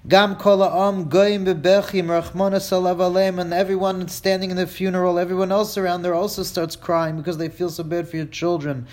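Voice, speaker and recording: A man with a fairly high voice leads a class through a Hebrew text, reading each line and then rendering it in English. He builds up the grim scenes with drama and slips in dry jokes. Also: normal speed. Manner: reads Hebrew lines then translates them line by line, dramatic; wry, jokes with listeners. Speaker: Torah teacher.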